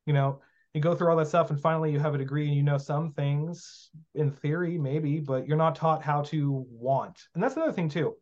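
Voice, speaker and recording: A man with a fairly high voice talks bluntly and swears freely as a podcast guest, acting out back-and-forth exchanges as he goes. The recording sounds dull and a little lo-fi. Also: brisk, few pauses, a little mellow. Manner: blunt, profane, acts out dialogue. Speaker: guest teaching magic. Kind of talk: casual podcast conversation.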